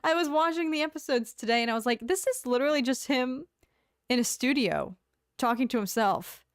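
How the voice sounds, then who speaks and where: Young woman, livestream host, chatty and bubbly, smooth clear voice, dry close sound. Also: sits high, lively intonation, brisk, dry recording. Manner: chatty, bubbly, laughs often, hums filler tunes. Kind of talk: casual chat reading live comments.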